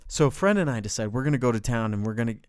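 A middle-aged man from small-town New Mexico telling a story in casual chat as co-host, animated and swearing, his voice jumping high when excited. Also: very fast, clear, resonant tone. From Bloomfield, New Mexico. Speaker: podcast co-host.

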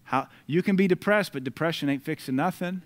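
Here an American-accented man gives a sermon at a slightly quick clip, his voice sitting a little high. Verses come out in loud, emphatic bursts, with casual asides dropped in between them.

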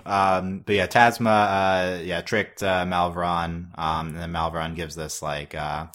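Man, very low voice, podcast host, hesitant, filler-heavy, chuckling. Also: flat delivery, a little slow, fairly bright tone. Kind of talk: casual chat.

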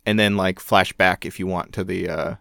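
A man's voice: low-pitched, steady tone, creaky, a bit bright, no echo, studio quality. A man co-hosting a casual podcast, giving enthusiastic, opinionated takes on comics. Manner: enthusiastic, opinionated, quick agreements. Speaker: podcast co-host. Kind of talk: casual comic-book discussion.

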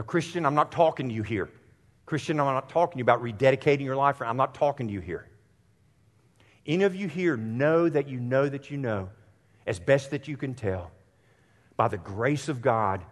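Man, middle-aged preacher, hushed then loud, long church reverb. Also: medium pitch. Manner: swings from hushed, near-whispered storytelling to loud, rising exhortation. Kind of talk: sermon. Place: church sanctuary.

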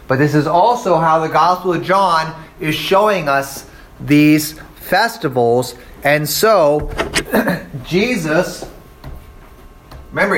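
A man teaches a Bible class in a casual, conversational lecture style, often checking in with listeners with "okay?" and "right?" His voice is on the high side with a fairly bright tone.

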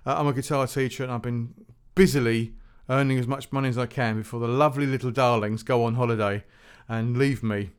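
A man's voice: medium pitch, fairly even intonation, a little fast, hardly any pauses, clean tone. A man hosting his own music podcast, chatting casually and rambling with fillers and restarts. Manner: rambling, self-deprecating, many fillers and restarts. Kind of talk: casual solo podcast chat.

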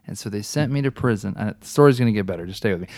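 A man shares his personal testimony in a casual talk, telling it with animated energy, restarting often and laughing along the way. His voice is lowish and rapid-fire, with a crowd audible in the background.

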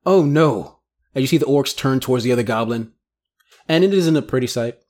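A man narrating as game master of a tabletop game, playful and quick to laugh. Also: medium pitch, a little mellow. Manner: playful, voicing characters, laughing.

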